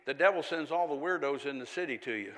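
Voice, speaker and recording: Older preacher in an echoey hall. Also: male voice, fairly high pitch, lively intonation, quick pace, a faint crowd. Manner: storytelling, rises to zealous loud preaching. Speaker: pastor. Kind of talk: sermon. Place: church hall.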